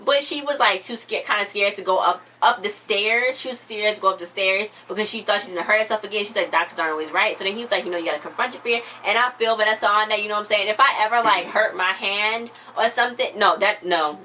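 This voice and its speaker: Young woman recapping a tv episode, bright voice, chatty, quoting everybody. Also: mid-range voice, slight background noise, rough recording. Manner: chatty, retells scenes in quick quoted voices, laughs often. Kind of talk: casual chat recap.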